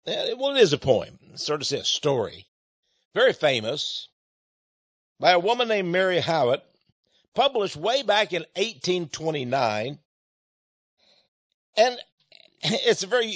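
A man preaching a sermon in an animated way, often repeating his words and chuckling as he speaks. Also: fairly high pitch, no echo.

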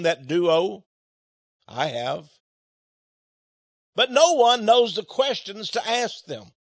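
A man preaching a sermon in an animated way, often repeating his words and chuckling as he speaks. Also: fairly high pitch, no echo.

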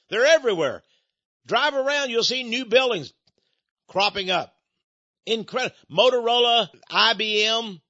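A man's voice: sits high, a bit bright, dry recording. An older man hosting a talk show, delivering a rambling political commentary monologue and repeating words when he gets heated. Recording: dull lo-fi dry sound.

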